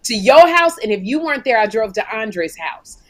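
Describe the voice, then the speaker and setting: A middle-aged woman co-hosting a comedy podcast, chatting casually and telling animated stories with acted-out quotes. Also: a little high, normal speed. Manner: animated storyteller, acts out quotes. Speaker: podcast co-host.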